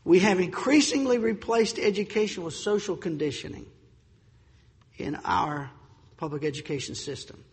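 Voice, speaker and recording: A male preacher with a high-pitched voice delivers a sermon in an emphatic, deliberate way, drawing out the words he wants to land. He sometimes trips over a word and restarts. His voice rings out in a long hall reverb. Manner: emphatic, slows for stressed points, stumbles on words.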